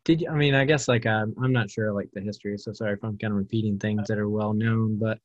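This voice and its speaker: A man's voice: lowish voice, fairly even intonation, quick pace, no room sound. A man hosting a podcast in casual conversation, talking in a loose, rambling way full of filler words. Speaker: podcast host. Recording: dull lo-fi sound.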